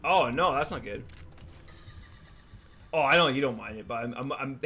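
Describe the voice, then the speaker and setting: A man's voice: mid-range voice, unhurried, long pauses, bright, forceful tone. A man in his twenties commentating a game, rambling and musing with lots of fillers. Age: 20s. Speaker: let's play host. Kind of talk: casual gaming commentary.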